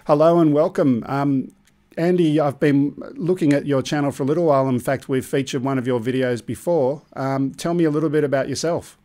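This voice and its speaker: A man's voice: medium pitch, fairly even intonation, a little fast, dark tone. A man hosting a live drone stream, chatting loosely and joking while he runs the controls. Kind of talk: casual live-stream chat.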